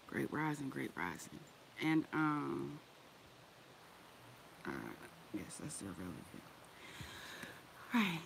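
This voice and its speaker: A woman's voice: deep voice, fairly bright tone, a little hiss or hum. A woman chatting loosely on a live stream, cursing and laughing often. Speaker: vlogger. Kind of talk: casual live-stream chat.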